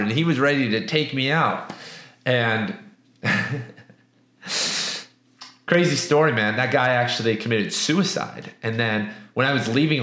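A young man talks through a book review in a loose, rambling way, swearing freely and restarting his sentences as he goes. His voice sits at a middle pitch. The room around him rings with noticeable echo. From US West Coast. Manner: animated, profane, rambling with restarts. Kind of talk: casual book review and storytelling. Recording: echoey room.

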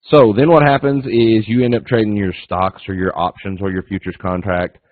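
A man's voice: fairly low pitch, flat delivery, normal speed. A man giving a casual, folksy trading lesson as a guest speaker, repeating phrases and acting out little voices in his stories. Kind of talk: casual webinar teaching. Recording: dry tinny phone-like line.

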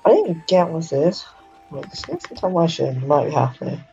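A man's voice: fairly high pitch, sing-song, brisk, creaky, warm tone, highs cut off, faint music behind. A man casually mumbling offhand commentary while playing a strategy game.

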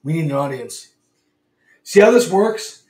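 An excitable man hosting a casual livestream, his voice a bit high and loud, breaking into laughter often. He sits back from the mic in an echoey room with a faint hum behind him. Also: a little slow, distant mic. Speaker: livestream host.

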